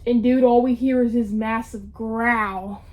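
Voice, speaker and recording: A young woman telling a story in a casual, animated way, full of slang and swearing. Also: a little high, unhurried. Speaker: vlogger.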